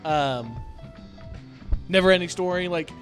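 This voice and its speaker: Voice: mid-range voice, measured pace, over music. A podcast co-host chatting casually and cracking jokes. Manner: jokey, throws in quips. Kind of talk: casual chat.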